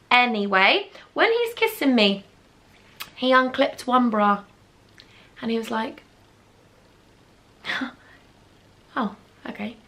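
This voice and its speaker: A woman's voice: a little high, a bit bright. A young woman, telling a storytime in a gushing, chatty way full of pet names. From England. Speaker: beauty vlogger. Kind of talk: casual storytime chat.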